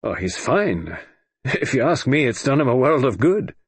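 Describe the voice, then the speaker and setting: A man's voice: medium pitch, big pitch swings, normal speed, slightly rough, no room sound, pitched above the performer's own voice. A man voicing a kindly, talkative male doctor in an audiobook reading. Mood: genial. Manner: genial, talkative. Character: kindly chatty country doctor. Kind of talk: audiobook character voice.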